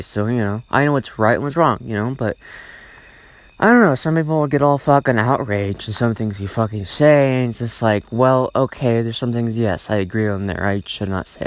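A man's voice: mid-range voice, no echo. Rambling, swearing man on a dry mic. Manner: rambling, repetitive, swears often. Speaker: podcast host. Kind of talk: solo podcast rant.

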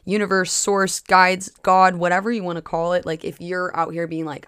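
A woman's voice: lowish voice, little pitch movement, brisk, few pauses, fairly bright tone, smooth, no room sound. A young woman hosting a solo podcast as a spiritual coach, talking in a casual, passionate way with lots of filler words and cussing.

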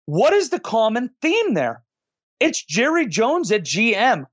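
A man's voice: very high-pitched, wildly swooping pitch, measured pace, a bit bright, husky, no room sound. A man co-hosting a sports podcast, stumbling and restarting as he works through his points. His comments come with a sardonic edge. The voice is recorded dry, with no room sound. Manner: hesitant, restarts often, then sardonic. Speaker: podcast co-host. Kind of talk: casual sports podcast chat.

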